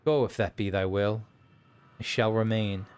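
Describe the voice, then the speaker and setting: A man voicing weary, proud ghost dragons from a video game, reciting their archaic lines slowly and solemnly. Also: on the low side, fairly even intonation, a little mellow, smooth, natural voice. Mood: stoic.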